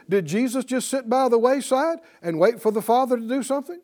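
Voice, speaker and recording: High, lively man teaching a Bible class. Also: a little fast. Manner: emphatic, quizzes the class with questions. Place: classroom with students answering.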